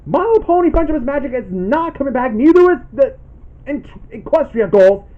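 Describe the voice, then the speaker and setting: An indignant man hosts a ranting callout vlog and reads posts aloud in an accusatory tone. His voice is high and swings widely in pitch. The recording sounds dull and lo-fi. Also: very animated, brisk. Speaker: channel host making a callout video.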